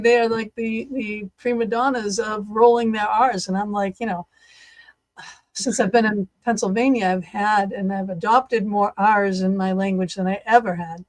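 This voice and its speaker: A woman's voice: mid-range voice, no echo. Chatty Boston woman host. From Massachusetts. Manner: chatty, laughs often, tangents. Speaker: podcast host. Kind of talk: casual podcast chat.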